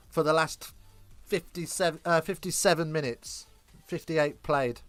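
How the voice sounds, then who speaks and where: A high-voiced English man calls the match live and bounces between rude, cheeky jokes with viewers and excited play-by-play. His voice sounds close and dry, with no room around it. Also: unhurried, few pauses, dry recording, faint music behind. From England. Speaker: live stream commentator. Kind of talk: casual live match commentary, reading chat.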